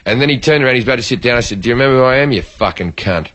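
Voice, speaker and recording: An Australian comedian with a mid-range voice tells a profane story rapid-fire in casual podcast chat. He's animated, acting out the lines of the people in the story.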